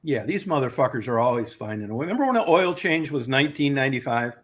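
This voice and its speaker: In casual chat, a man rants and swears freely while telling a long grievance story, sounding like a host catching up with a regular listener. He talks fast in a mid-pitched, slightly bright voice with lively intonation.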